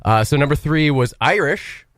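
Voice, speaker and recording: A man's voice: a little high, animated, moderate pace, a bit bright, no echo, clean studio sound. A man co-hosting a casual radio talk show, easygoing as he runs down a list. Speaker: radio co-host. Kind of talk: casual chat.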